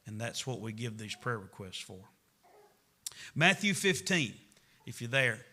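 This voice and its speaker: A man's voice: mid-range voice, sing-song, measured pace, sharp tone. A middle-aged man, a pastor preaching a Wednesday night sermon in a church, folksy and conversational, rising to emphatic preaching. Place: church sanctuary.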